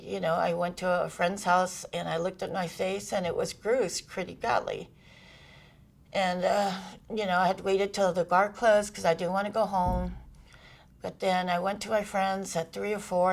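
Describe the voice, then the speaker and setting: A middle-aged woman as an interview guest, telling a personal story candidly, with pauses, fillers and soft laughs. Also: lowish voice, creaky.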